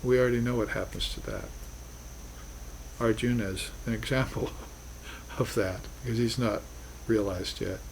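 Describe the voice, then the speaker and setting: A man's voice: mid-range voice, fairly even intonation, moderate pace, vocal fry, a little hiss or hum, poor audio. Earnest male spiritual teacher lecturing. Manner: earnest, reflective, rises to emphatic bursts. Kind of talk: recorded class lecture.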